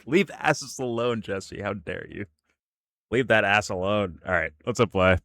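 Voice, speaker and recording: A man hosts a casual reaction stream in a low, relaxed voice and laughs easily between points. The sound is dry and close. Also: measured pace, gravelly, no room sound. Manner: laid-back, laughs often.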